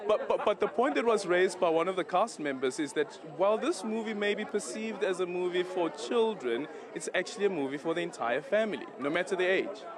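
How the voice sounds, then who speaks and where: Breathless reporter on a crowded red carpet. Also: male voice, high-pitched, fairly quick, few pauses. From South Africa. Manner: excited, chatty. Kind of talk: live news interview. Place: outdoor red carpet event at a shopping centre. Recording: lively crowd around.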